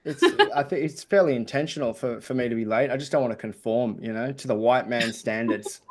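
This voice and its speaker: Man, podcast comedian guest, loose jokey storyteller, mid-pitched voice. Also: steady tone, brisk. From Australia. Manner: chatty storytelling with jokey asides. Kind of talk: casual podcast interview.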